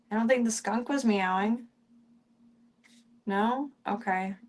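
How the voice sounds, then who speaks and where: A woman streaming casually from home, chatting with viewers and talking softly to her cats. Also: mid-range voice. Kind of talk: casual live-stream chat.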